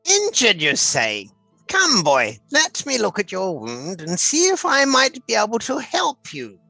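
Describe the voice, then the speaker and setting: Old male healer, gravelly, brusque, bright and swoopy; a man doing it. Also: high-pitched, huge pitch swings, a little slow, no echo, soft background music, exaggerated voice.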